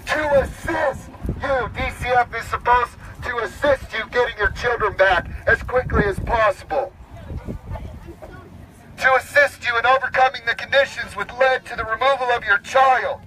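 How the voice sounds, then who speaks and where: A man's voice: very high-pitched, moderate pace, sharp tone, a little hiss or hum, rough recording. A man giving an impassioned speech at an outdoor protest, reading rules aloud and then bluntly rebutting each one. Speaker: protest speaker, parent.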